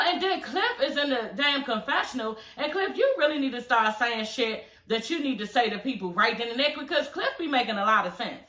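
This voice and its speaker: Woman vlogger with a bright, forceful voice and a blunt, foul-mouthed recap style in an echoey room. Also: high voice, slight background noise. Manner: blunt, profane, chatty, frequent laughing asides. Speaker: vlogger recapping a reality show. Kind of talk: casual recap vlog.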